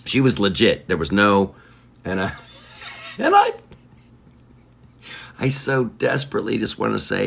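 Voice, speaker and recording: A man's voice: fairly low pitch, huge pitch swings, measured pace, creaky, long pauses, a bit bright, slightly rough. A man hosting his podcast in a rambling, joking, chatty way. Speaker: podcast host. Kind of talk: casual chat.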